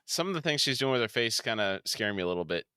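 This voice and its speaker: Bright, clear-voiced male podcast host. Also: lowish voice, very animated, fast, no room sound, studio quality. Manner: narrates scenes, laughs easily. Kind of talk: casual recap of a TV episode.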